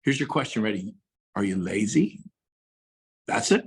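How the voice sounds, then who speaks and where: Husky, fired-up middle-aged man. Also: lively intonation, normal speed. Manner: passionate, emphatic, repeats phrases, big swings in pitch and loudness. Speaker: realtor giving a motivational talk. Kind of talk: fired-up motivational speech.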